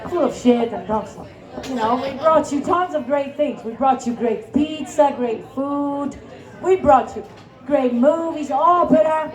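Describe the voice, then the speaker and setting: A high-voiced woman with an Italian accent works a live stand-up set, brash, crude and self-mocking. Her voice echoes through a large indoor room. A crowd sits behind her. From Italy. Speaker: stand-up comedian.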